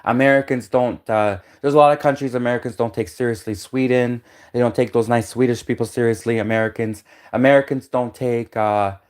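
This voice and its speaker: A man's voice: medium pitch, fairly even intonation, fairly quick, few pauses, clean tone. A man hosting a casual livestream, rambling and repeating himself, with frequent restarts. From Canada. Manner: rambling, repetitive, many restarts. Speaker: livestream host.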